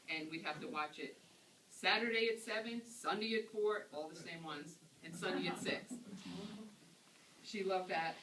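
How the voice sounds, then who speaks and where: A woman's voice: fairly low pitch, fairly bright tone. A woman delivering a funeral eulogy, telling stories in a conversational way. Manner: anecdotal storytelling, conversational. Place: funeral service hall. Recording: echoey room, far from mic, noisy.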